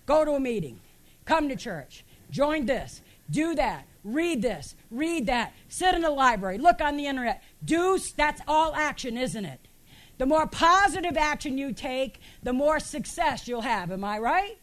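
Woman pastor, high voice, emphatic sermon delivery with rhetorical questions, speaking in a church. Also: sing-song, measured pace.

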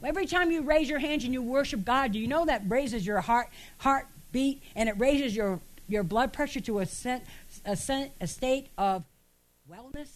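Woman pastor, high voice, emphatic sermon delivery with rhetorical questions, speaking in a church. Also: moderate pace.

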